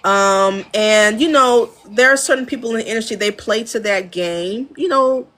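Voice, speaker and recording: A woman's voice: fairly high pitch, moderate pace. An American woman, an audio engineer and producer, talking frankly in a casual interview, acting out studio exchanges and laughing often from her home studio. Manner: animated storyteller, acts out studio dialogue.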